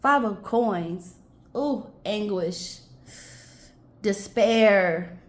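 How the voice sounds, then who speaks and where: A woman's voice: mid-range voice, drawn-out words, roomy sound. A woman doing a casual tarot reading, musing aloud and talking to her viewers as she turns cards. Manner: musing, talks to herself and viewers, stretches words. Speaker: tarot reader.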